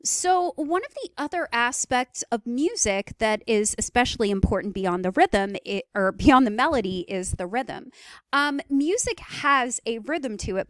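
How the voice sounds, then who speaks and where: A woman's voice: a little high, no echo. A woman lecturing in an explanatory way, with frequent fillers and spoken rhythm demos. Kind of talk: recorded lecture.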